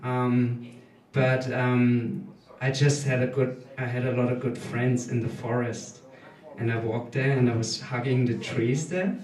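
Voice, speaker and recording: A German man in his thirties with a German accent, doing a hesitant, deadpan stand-up comedy set full of ums. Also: medium pitch, unhurried, recorded from a distance. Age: 30s. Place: small live comedy venue. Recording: echoey room, voice off-mic.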